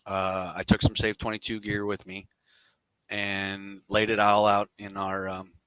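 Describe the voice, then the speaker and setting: A middle-aged man with a fairly low voice tells a long story as a podcast guest. He talks candidly and loosely, drifting into side remarks and casual slang. The sound is dry and close, with no room around it. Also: completely flat delivery, unhurried, fairly bright tone, smooth, no echo, poor audio.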